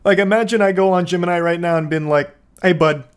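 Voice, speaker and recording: Male commentary host in his 30s, dry sardonic delivery with crude jokes, slightly raised pitch. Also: fast talker, clean tone. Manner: sardonic, profane, jokey asides. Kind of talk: casual commentary.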